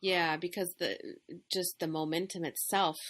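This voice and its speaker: A woman hosting an interview, soft-spoken and affirming in casual conversation. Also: on the low side, little pitch movement, normal speed. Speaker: host.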